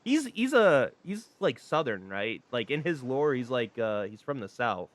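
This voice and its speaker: A man streaming a dating game, reading it aloud with animated, laughing, rambling asides. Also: medium pitch, unhurried, hardly any pauses, dry recording. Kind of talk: casual gameplay commentary.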